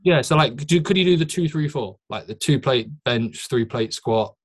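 A man's voice: medium pitch, expressive, normal speed, slightly rough. A young man hosting a podcast and coaching bodybuilders, chatting casually with rambling, joking banter and many fillers. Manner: self-mocking banter. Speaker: podcast host and physique coach.

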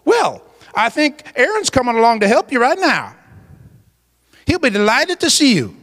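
A man's voice: very high-pitched, wildly swooping pitch, normal speed, fairly bright tone, in a large hall, full character voice. A man voicing God as a sarcastic, annoyed figure in a sermon retelling. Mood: sarcastic, exasperated. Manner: mock-cheerful, sarcastic.

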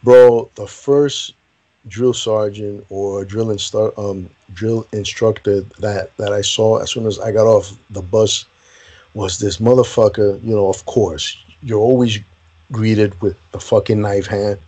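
A man telling crude, animated service stories in casual chat, peppering them with bro and man. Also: fairly low pitch, a little slow. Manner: profane, animated storyteller, says bro and man a lot.

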